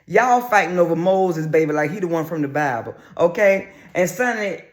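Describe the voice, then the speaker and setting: A man's voice: on the high side, animated, moderate pace. A man giving sassy, brash, crude gossip commentary on a reality show in a casual vlog.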